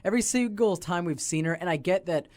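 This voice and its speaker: A woman's voice: fairly low pitch, fast, no echo. A woman co-hosting a podcast in casual chat, exclaiming and riffing incredulously. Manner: lively, exclaiming, incredulous riffs. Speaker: podcast co-host. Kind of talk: casual chat recapping a cartoon.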